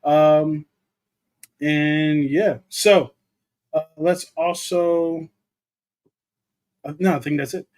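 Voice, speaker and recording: A man's voice: fairly high pitch, fairly even intonation, very slow, long pauses, darkish tone. A young man co-hosting a casual livestream about movies, chatting loosely and reading viewer comments aloud. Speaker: co-host of a movie talk livestream.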